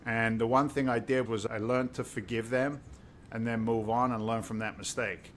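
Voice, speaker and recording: A middle-aged man, originally from the UK, tells his story as a podcast guest. He speaks with emphatic, preacher-like conviction and a lot of feeling. A faint low rumble sits under the recording. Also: steady tone, moderate pace. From United Kingdom. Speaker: guest, real estate investor.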